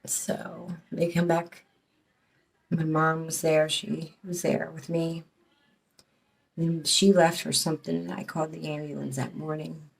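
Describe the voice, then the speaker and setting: A middle-aged woman with a low voice tells her story casually. She rambles, swears often and breaks off mid-sentence to start again. Her telling stays emotional throughout. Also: level tone, measured pace, creaky, slightly rough. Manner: rambling, profane, emotional, many restarts. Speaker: storyteller recounting her past.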